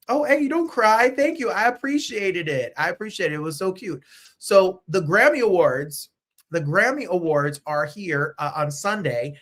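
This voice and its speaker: Chatty, excitable male show host. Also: a little high. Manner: chatty, excitable, jumps between topics. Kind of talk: casual live-stream chat.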